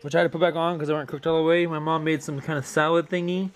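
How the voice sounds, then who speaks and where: A woman's voice: low-pitched, steady tone, racing. A young woman making a casual family vlog, chatting playfully and talking to her baby and dogs. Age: young adult. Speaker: vlogger.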